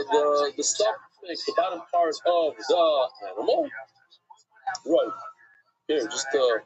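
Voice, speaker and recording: A man teaching a Talmud class, animated and digressive, often restarting and acting out the rabbis he quotes. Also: medium pitch. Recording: dull lo-fi recording.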